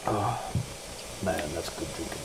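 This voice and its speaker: A man's voice: low-pitched, measured pace, vocal fry, heavy background noise. A man who is a game developer, giving casual gameplay commentary in a chatty, self-mocking way with frequent asides.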